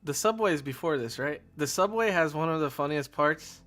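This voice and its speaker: A man's voice: fairly high pitch, animated, a little fast, a bit bright, soft background music. A man co-reviewing a comedy film in casual chat, laughing and acting out the lines. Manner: laughing, acts out movie lines. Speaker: guest co-reviewer.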